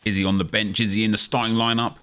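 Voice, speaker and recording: A man's voice: on the low side, flat delivery, quick pace, sharp tone, smooth, soft background music. A young man chatting casually on a live stream, answering viewer questions as he plays a football game.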